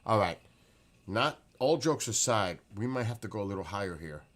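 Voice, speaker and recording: Chatting on a casual livestream, a man reads and responds to viewer comments, frequently exclaiming and laughing with excitement. His voice is on the low side and moves at a moderate pace.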